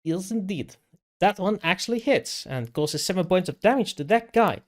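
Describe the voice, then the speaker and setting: A man running a tabletop game as game master, speaking haltingly with frequent restarts. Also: high voice, animated. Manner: halting, with many restarts and laughs.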